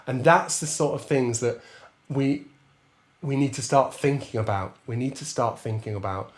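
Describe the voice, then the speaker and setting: A man's voice: medium pitch, normal speed. A man teaching a trombone masterclass, chatting casually, laughing often and scatting rhythms as he counts bars. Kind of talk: masterclass talk with sung counting.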